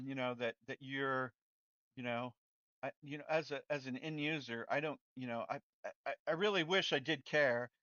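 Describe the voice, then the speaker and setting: A man streaming his programming work, talking casually and rambling, often cutting himself off and getting loud and worked up when he rants. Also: mid-range voice, dry recording, dull audio. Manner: rambling and self-interrupting, turns loud and excited when ranting. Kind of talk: casual livestream chat while coding.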